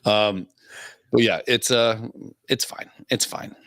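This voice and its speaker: A man's voice: on the low side, steady tone, takes it slowly, fairly bright tone, no room sound, clean studio sound. A man co-hosting a podcast, talking casually and swearing freely, with frequent chuckles. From Illinois. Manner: laid-back, profane, chuckles often. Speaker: podcast co-host.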